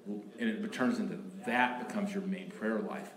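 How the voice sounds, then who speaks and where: A man preaching a sermon as pastor, emphatic and animated, often repeating and restarting his phrases. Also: on the low side, a little slow. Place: church sanctuary. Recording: echoey room.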